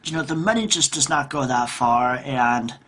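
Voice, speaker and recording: Man, 30s, home vlog rant, bright and husky voice, frustrated and foul-mouthed, trips over his words. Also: mid-range voice, moderate pace. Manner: frustrated, profane, rambling with restarts. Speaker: vlogger. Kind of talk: ranting vlog monologue. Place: at home by a table.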